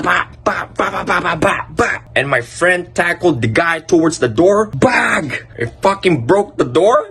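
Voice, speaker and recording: A young man casually telling funny school stories, animated and profane, breaking into laughter. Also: on the high side, a little hiss or hum. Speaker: vlogger. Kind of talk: casual storytelling.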